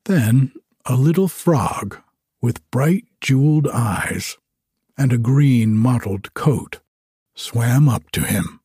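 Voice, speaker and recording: A man narrating a storybook in a slow, quiet, measured way with a breathy voice. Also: mid-range voice, animated, no echo, clean studio sound. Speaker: reader.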